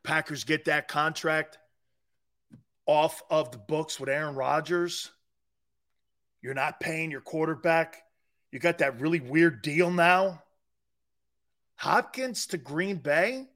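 A middle-aged man hosting a sports talk show, arguing his takes in an emphatic, opinionated way with little chuckles. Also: a little high. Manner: animated, emphatic, argumentative with chuckles.

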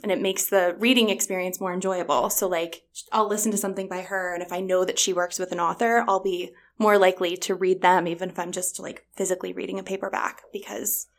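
A woman's voice: lowish voice, level tone, quick pace, few pauses. A woman who works as a children's librarian, chatting casually and enthusiastically on a podcast and laughing often.

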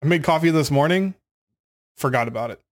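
A man's voice: a little high, animated, a little fast. A man in his thirties co-hosting a podcast, laid-back and joking in casual chat, often laughing. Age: 30s. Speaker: podcast co-host.

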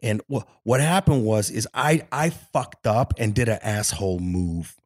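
A man in his forties from Detroit, a podcast guest telling animated, profane stories and acting out voices in them. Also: lowish voice, unhurried, dry recording, clean studio sound. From Detroit area. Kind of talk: casual storytelling in conversation.

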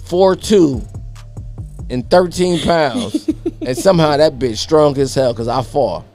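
Male podcast co-host, high and raspy, big animated storyteller. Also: slow pace, faint music behind. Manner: animated, profane storytelling, acting out other people's voices.

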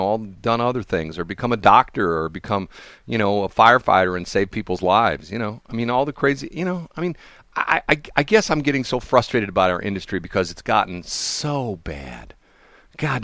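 A man's voice: on the low side, sing-song, brisk, fairly bright tone, no room sound, soft background music. A man hosting a radio show, chatting casually in a studio, rambling with many restarts and asides. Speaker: radio host. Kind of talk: casual on-air banter.

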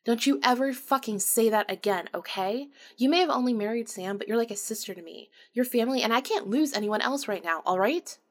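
A woman's voice: on the high side, brisk, hardly any pauses, close to an everyday voice. A woman voicing a frank, outspoken man who swears when worked up, in a ghost story. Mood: urgent. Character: blunt loud man, brother-in-law, caring.

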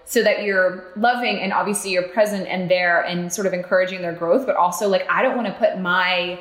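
A woman guest on a podcast, telling lively stories about family in casual chat. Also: lowish voice, a little fast. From North Carolina, US. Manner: animated, laughing storyteller. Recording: roomy echo.

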